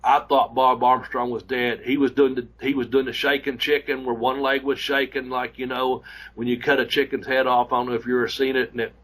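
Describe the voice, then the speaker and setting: A man tells a story in a loose, rambling, profanity-laced way, piling up restarts and asides as he goes. His voice sits at an ordinary middle pitch for a man, and he acts out the people in his story as he talks. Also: flat delivery, a little fast, fairly bright tone, poor audio. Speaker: podcast host and former wrestler. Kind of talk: casual storytelling chat.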